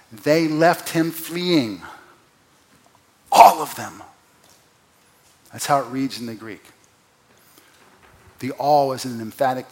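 Preacher swinging from loud to hushed. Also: male voice. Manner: swings from loud emphatic peaks to quiet low drops; asks the listeners rhetorical questions. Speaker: pastor. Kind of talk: expository sermon.

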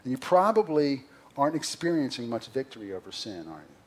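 A middle-aged man preaching a sermon as senior pastor, earnest and confessional, moving between loud emphasis and quiet asides. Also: mid-range voice, big pitch swings, a little fast. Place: church sanctuary.

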